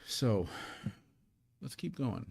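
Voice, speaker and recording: A man teaching a live online Korean lesson, patiently explaining and sounding out syllables slowly. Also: mid-range voice, sing-song, creaky, darkish tone, slightly rough, no echo, studio quality.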